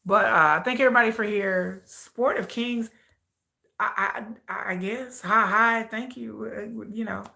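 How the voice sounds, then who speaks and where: The voice is medium-pitched, unhurried, gravelly, pushed and bright. It belongs to an American woman livestreaming her reactions to a reality show, ranting in disbelief and mimicking the cast to mock them.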